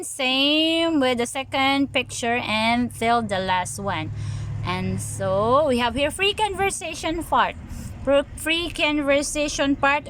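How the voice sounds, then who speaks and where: A woman's voice: sits high, a bit bright, slight background noise. A woman with a Filipino accent, an online English teacher, patiently explaining lesson materials and reading example sentences aloud, mixing in Tagalog phrases. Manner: patient, instructive, reads example lines aloud slowly; switches between English and Tagalog. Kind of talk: tutorial walkthrough of lesson materials. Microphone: handheld phone camera.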